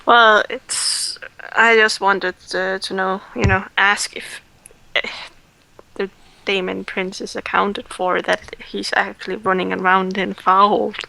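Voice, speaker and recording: A woman's voice: medium pitch, little pitch movement, slow, creaky, pushed and bright, rough recording. A woman playing a tabletop game, asking questions hesitantly and searching for words. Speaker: player. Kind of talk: casual tabletop play.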